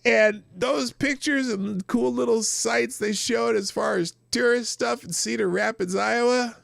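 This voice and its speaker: A man's voice: very high-pitched, a little slow, creaky, a bit bright, no echo, clean studio sound. A middle-aged man from Nebraska hosting a live news commentary show, chatting loosely and narrating to himself as he clicks through clips. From Nebraska, US Midwest. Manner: rambling, chatty, talks to himself while working the screen. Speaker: show host.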